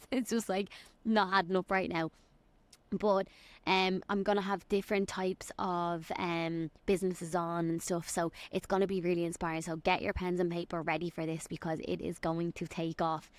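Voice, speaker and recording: A young woman from Dublin with an Irish accent, hosting a solo podcast and giving an excited, rambling life update. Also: lowish voice, normal speed, no room sound. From Ireland. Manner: excited, rambling, quotes people in little acted voices. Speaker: podcast host and fitness coach.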